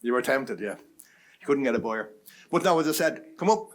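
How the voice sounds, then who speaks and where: A man's voice: medium pitch, lively intonation, a little fast. A man chairing a live conference session, bantering with the speakers and audience in a jokey way. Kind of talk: live event hosting. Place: conference room.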